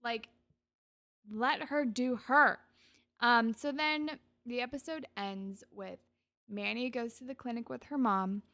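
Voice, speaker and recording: A woman co-hosting a podcast, casually recapping a TV episode and acting out the characters' lines in quick quoted bits, with lots of fillers. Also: on the high side. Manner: animated retelling with quoted voices, frequent fillers. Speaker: podcast co-host.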